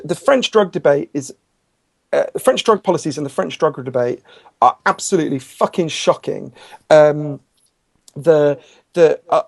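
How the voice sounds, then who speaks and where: A man's voice: on the high side, creaky, a little mellow. Passionate man with a cold. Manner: passionate, candid, with frequent restarts. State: has a cold. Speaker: author and interview guest. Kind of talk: conversational interview.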